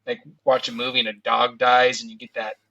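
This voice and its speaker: A man's voice: mid-range voice, monotone, fairly quick, vocal fry, bright, forceful tone, muffled recording. A man in his thirties telling a painful personal story in a candid, casual way, often saying "you know" and "dude". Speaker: podcast guest.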